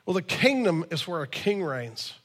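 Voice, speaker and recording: A man's voice: a little high, very animated, moderate pace, a bit bright. A man in his forties preaching a sermon in a conversational, storytelling way, with emphatic asides. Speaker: pastor.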